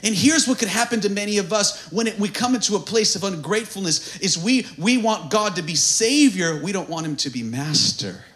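A man pastor preaching a sermon, swinging from hushed asides to fervent shouting. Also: high voice, animated, fairly quick, few pauses.

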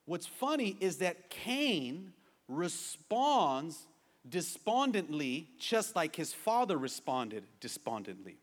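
A man preaching a sermon to his congregation, playful and animated, urging them to answer back with amens. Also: fairly high pitch, slow. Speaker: pastor. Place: church sanctuary with a congregation. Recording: long reverb of a large hall.

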